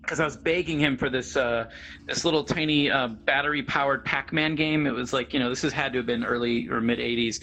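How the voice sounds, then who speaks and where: A man in his thirties telling stories in casual chat, animated and rambling, laughing often. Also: medium pitch, brisk, slight background noise, rough recording. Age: 30s. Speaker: guest.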